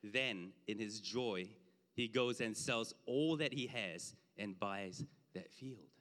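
A man preaching a conversational sermon with slides, emphatic at times and dropping low for asides. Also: takes it slowly, a bit bright. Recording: long hall reverb.

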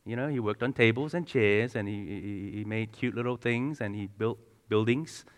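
A man's voice: lowish voice, moderate pace, long reverb tail. A man preaching a sermon in a conversational way, asking the congregation questions and often restarting and repeating words.

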